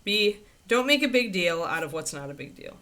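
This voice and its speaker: A chatty, animated woman hosts a livestream, answering viewer questions at a moderate pace in casual chat. She rambles and laughs often, swinging her pitch into playful quoted voices.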